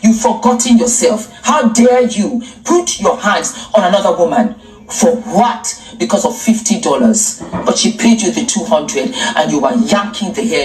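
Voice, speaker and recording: A woman's voice: medium pitch, lively intonation, normal speed, reverberant, far from the mic, soft background music, low-quality recording. A woman from Africa, living in London, giving impassioned commentary, indignant and scolding, repeating phrases for emphasis, with a sore throat. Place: home in London.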